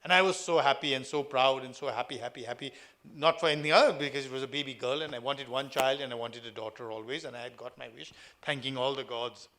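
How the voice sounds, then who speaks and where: A middle-aged man with a Nepali accent giving a lively storytelling speech to a live audience. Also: mid-range voice, quick pace. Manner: lively storytelling, mixing in acted quotes. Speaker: public speaker.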